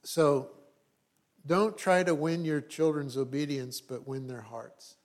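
A man's voice: on the high side, steady tone, takes it slowly. A middle-aged man, a pastor, giving a conversational sermon with wry humorous asides and frequent restarts.

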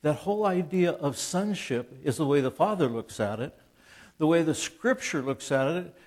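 A man's voice: on the high side, animated, normal speed, a little mellow. Man, 70s, Christian author, informal preaching talk, rambling, earnest, plainspoken, acts out dialogue. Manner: conversational and rambling, with restarts and asides.

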